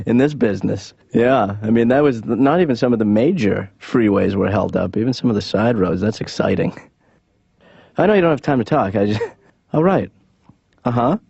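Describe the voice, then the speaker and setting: A man voicing a lazy young adult son who talks in a mumbling, deadpan ramble. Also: mid-range voice, no room sound. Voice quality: gravelly. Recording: dull lo-fi sound, dry.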